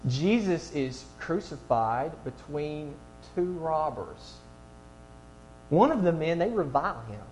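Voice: mid-range voice, big pitch swings, slow pace, darkish tone, soft background music, low-quality recording. A preacher delivering a sermon to a room, asking the audience many rhetorical questions.

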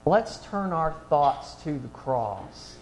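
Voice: mid-range voice, sing-song, slow pace, darkish tone, faint music behind, low-quality recording. A preacher delivering a sermon to a room, asking the audience many rhetorical questions.

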